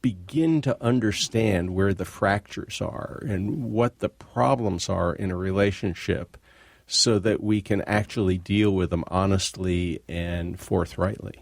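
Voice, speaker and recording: A very deep, slow male host with a gravelly edge, asking questions thoughtfully. Dry close studio sound. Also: no room sound. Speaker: radio show host. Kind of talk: radio interview.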